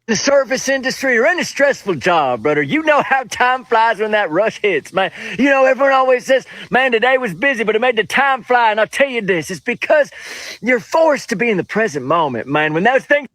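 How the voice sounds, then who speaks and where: Guy doing a hammy old southern pond philosopher, drawling, "man" every other line, squeaky high voice. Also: sing-song, brisk, a bit bright, dry recording, exaggerated voice. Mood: enthusiastic. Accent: put-on Southern US drawl. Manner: overacted, drawling, says "man" constantly. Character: folksy older man sharing pond wisdom. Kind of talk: social media character monologue.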